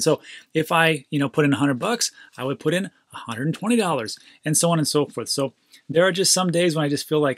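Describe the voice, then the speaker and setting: A man hosting a crypto channel, talking casually and excitably straight to his viewers, ranting and getting worked up. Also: a little high, brisk, no echo, studio quality. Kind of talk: casual commentary monologue.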